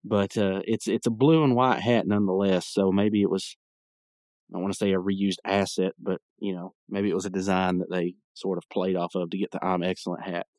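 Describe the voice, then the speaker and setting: Low-voiced man rambling through a cartoon recap. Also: level tone, a little fast, darkish tone, no room sound, studio quality. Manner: rambling and digressive, many fillers; opinionated asides. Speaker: podcast host. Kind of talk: casual episode recap.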